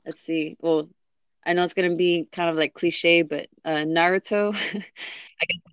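A woman's voice: lowish voice, steady tone, moderate pace, a bit bright, clean tone, no room sound. A young woman in casual chat, rambling with lots of fillers and restarts. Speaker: interviewee.

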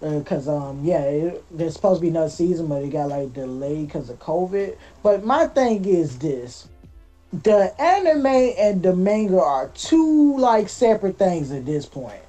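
A man's voice: fairly high pitch, big pitch swings, a little slow, dark tone, soft background music. A young man co-hosting a podcast in casual chat, rambling with lots of fillers and restarts. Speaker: podcast co-host.

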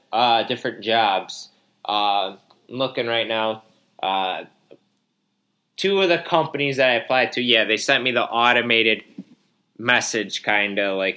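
A man's voice: medium pitch, pushed and bright. A young man in his twenties hosting a casual solo podcast, rambling with lots of fillers and sarcastic grumbling while yawning now and then. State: yawning, a bit drowsy. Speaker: podcast host.

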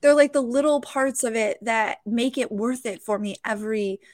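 A young adult woman talks through a story from behind the vendor's table, animated and emotional, tripping over her words as she goes. Her voice sits a little high. The sound is dry, with no room echo. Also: moderate pace. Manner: animated, emotional, with many fillers and restarts. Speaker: podcast host and card show vendor. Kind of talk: casual storytelling.

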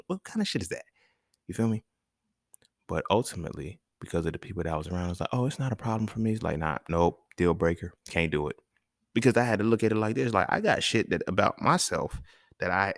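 Low gravelly-voiced man, profane monologue. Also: no echo, studio quality. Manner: loose, profane, emphatic storytelling. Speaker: podcast host. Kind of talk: casual monologue.

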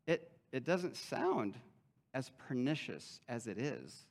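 A man's voice: on the high side, big pitch swings, a little slow, darkish tone. A man preaching a sermon as pastor in a conversational way, with joking asides and frequent checks like "okay?".

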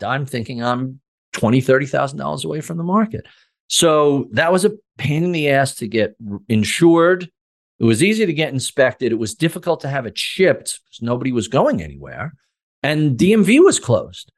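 A middle-aged man tells stories in a relaxed podcast conversation. He acts out the conversations with energy and has a voice of ordinary pitch for a man. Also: moderate pace. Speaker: podcast guest. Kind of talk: casual storytelling.

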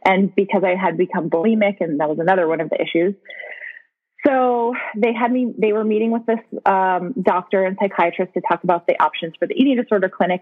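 Husky woman telling her story frankly. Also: medium pitch. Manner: frank, blunt, with occasional swearing. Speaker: podcast guest. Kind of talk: candid personal storytelling in conversation. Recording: tinny phone-like line.

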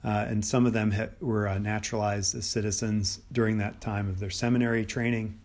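A man's voice: on the low side, level tone, a little fast, darkish tone. A middle-aged American man teaching on the Bible in a loose, unscripted podcast talk, thinking aloud with many restarts and fillers. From United States.

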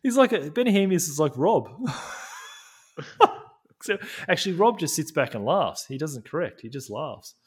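A man's voice: on the high side, big pitch swings, normal speed, slightly rough. A young man co-hosting a podcast in casual chat. He laughs often, swears freely and keeps restarting his sentences. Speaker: podcast co-host.

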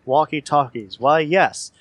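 A man playing a tabletop role-playing game, making deadpan jokes. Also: on the high side, measured pace, slight background noise. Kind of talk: casual tabletop role-play.

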